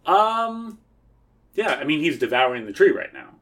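Relaxed, hesitant story brainstormer. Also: medium pitch, normal speed. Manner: relaxed, hesitant, many fillers like "like". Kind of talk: casual chat.

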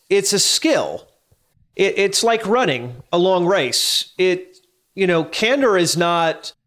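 A man in his forties talks through ideas on his own, pausing to check in with listeners and saying key lines twice. His voice sits a bit high for a man. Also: a bit bright. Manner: conversational, asks listeners questions, repeats for emphasis. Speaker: podcast host. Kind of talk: reflective solo talk.

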